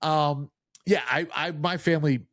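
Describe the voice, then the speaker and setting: A man's voice: a little high, fairly even intonation, a little slow, a bit bright, dry recording, clean studio sound. A man hosting a podcast, chatting casually and telling jokey stories. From New Jersey. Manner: chatty, joking, storytelling. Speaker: podcast host. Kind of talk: casual interview chat.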